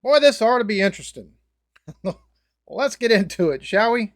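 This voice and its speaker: A man's voice: high-pitched, lively intonation, normal speed, dry recording, studio quality. An American man giving casual, folksy reaction commentary, laughing often and rambling as he talks. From United States. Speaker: reaction video host.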